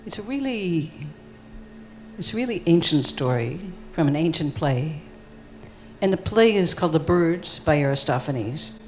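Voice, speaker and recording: A woman's voice: deep voice, animated, a little slow, darkish tone, a little hiss or hum. A woman telling an ancient tale on stage at a live festival, in a casual, rambling way full of "like" and "you know". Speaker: storyteller. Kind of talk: live storytelling performance. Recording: long reverb of a live hall.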